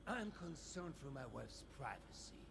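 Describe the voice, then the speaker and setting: An actor with a German accent playing a formal, wordy gentleman and husband who was once blind, in a video game. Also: medium pitch, very animated, moderate pace, creaky. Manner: courtly, theatrical, wordy.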